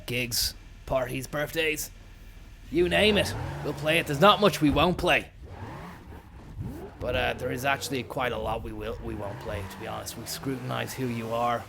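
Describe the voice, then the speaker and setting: A gravelly-voiced man rambles through an absurd comic monologue, stringing tall tales together with a deadpan air and casual swearing. His pitch sits in a middling register, and a faint vehicle hum runs behind him. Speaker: comedy podcast host.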